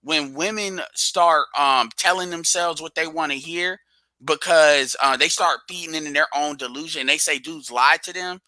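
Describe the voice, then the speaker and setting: Blunt, bright-voiced man in casual talk. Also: fairly high pitch, moderate pace, no room sound, rough recording. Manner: blunt, opinionated, slangy. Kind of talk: casual commentary chat.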